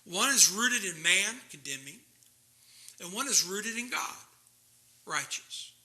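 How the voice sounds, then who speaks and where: A man preaching a sermon, swinging from quiet asides to loud, impassioned reading of scripture. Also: high-pitched, animated, slow pace.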